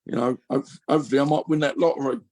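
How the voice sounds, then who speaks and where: A man's voice: on the high side, fairly even intonation, very fast, a little mellow. A middle-aged man talking candidly on a podcast, rambling with many fillers and restarts. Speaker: guest.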